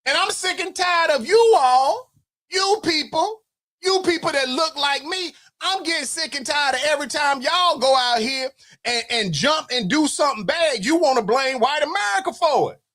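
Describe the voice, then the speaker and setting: A man giving fiery livestream political commentary, preaching at his audience, often shouting and repeating phrases for emphasis. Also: extremely high pitch, lively intonation, moderate pace. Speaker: military veteran streamer.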